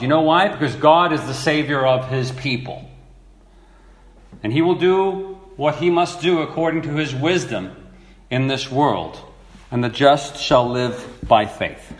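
A man's voice: on the high side, animated, a little slow. A man preaching a sermon, reading scripture aloud and asking earnest rhetorical questions. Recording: echoey room.

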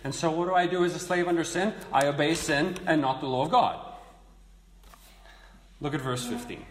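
A man's voice: fairly high pitch, moderate pace, long pauses. A man giving a verse-by-verse sermon, teaching in a conversational way and asking rhetorical questions. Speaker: preacher. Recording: echoey hall with long reverb.

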